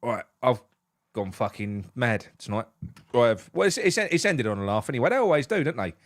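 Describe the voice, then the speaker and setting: A man's voice: mid-range voice, fairly quick, dry recording, studio quality. A man co-hosting a casual football podcast, talking in a sweary, jokey way. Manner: sweary, laughing, animated impressions. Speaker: podcast co-host.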